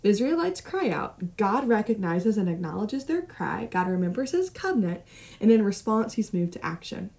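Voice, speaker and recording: A young woman teaches a Bible study in a relaxed, conversational way. She reads passages aloud, then talks them over with lively emphasis and keeps checking in with her listeners. Her voice sits at a middle pitch. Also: moderate pace, gravelly. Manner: conversational, animated, asks frequent "right?" tag questions. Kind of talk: casual Bible study teaching with scripture reading.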